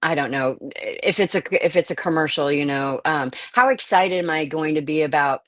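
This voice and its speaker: A woman's voice: deep voice, a little fast, no echo. A woman voiceover performer and actor talking through her craft in an interview, thoughtful and full of fillers and restarts. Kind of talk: interview conversation.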